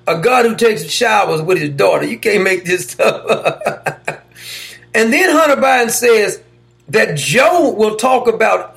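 A man's voice: sits high, gravelly, a bit bright. A man hosting a talk show, giving mocking, sarcastic political commentary and laughing at his own points.

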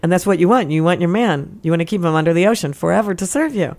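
A woman counselor talking as a guest in an interview, energetic and chatty, with many asides and restarts. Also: sits low, quick pace, hardly any pauses. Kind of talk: casual interview chat.

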